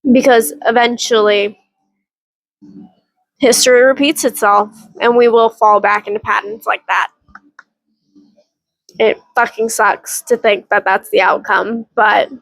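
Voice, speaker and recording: A woman's voice: fairly high pitch, fairly even intonation, measured pace, creaky, pauses often, no echo, rough recording. Chatty woman vlogging about books. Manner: chatty and rambling, with frequent laughs and swearing. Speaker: book vlogger. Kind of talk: casual reading vlog update.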